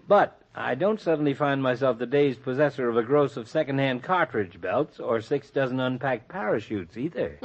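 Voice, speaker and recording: A man's voice: mid-range voice, lively intonation, normal speed. A dry, chuckling doctor friend in an old radio sitcom. His voice rises and falls a lot. It comes through a muffled vintage broadcast. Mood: wry. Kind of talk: 1940s radio comedy acting.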